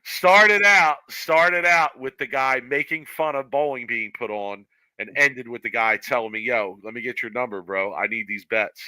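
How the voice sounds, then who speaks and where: Guy on a bowling podcast telling a story, super bright tone, dry close mic, does little voices for people. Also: mid-range voice, normal speed, few pauses, no echo, rough recording. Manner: animated storyteller, acts out quoted voices. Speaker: podcast co-host. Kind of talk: casual storytelling chat.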